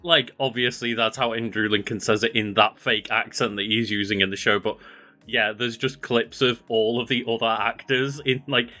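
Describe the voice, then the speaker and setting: Guy cohosting a podcast, bright tense voice, laid back jokey banter. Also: mid-range voice, flat delivery, normal speed. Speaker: podcast co-host. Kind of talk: casual chat.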